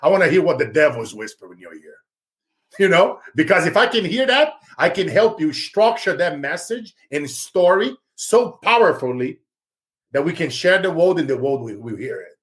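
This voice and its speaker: A man's voice: a little high, sing-song, moderate pace. A man from Brazil with a Brazilian Portuguese accent, a success speaker guest telling fervent stories in an interview. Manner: fervent, storytelling, calls host bro. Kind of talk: animated interview talk.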